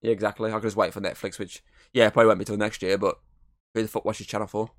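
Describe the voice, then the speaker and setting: A man hosts a laid-back podcast, talking in long, rambling stretches peppered with swearing and easy laughter. His voice sits a little low, and the sound is close and dry on a headset mic. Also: little pitch movement, fast, dry recording. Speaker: podcast host. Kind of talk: casual chat.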